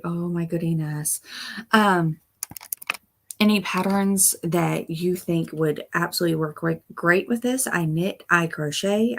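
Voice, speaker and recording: A young woman hosting a casual live stream, chatty and bubbly with frequent exclamations. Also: on the low side. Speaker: crochet channel host.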